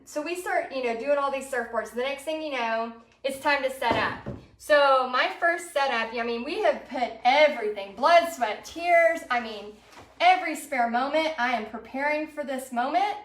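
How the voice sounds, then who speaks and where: A woman with a high voice tells her viewers a personal story in a casual, expressive way. She acts out what she once thought and laughs easily. The sound is echoey, as if in a hard-walled room. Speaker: painting instructor.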